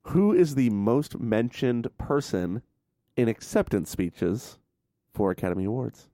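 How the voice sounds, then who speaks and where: A man's voice: mid-range voice, unhurried, mellow, no echo. A man co-hosting a casual chat, wry and dry, posing trivia questions. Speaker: podcast co-host, quiz asker.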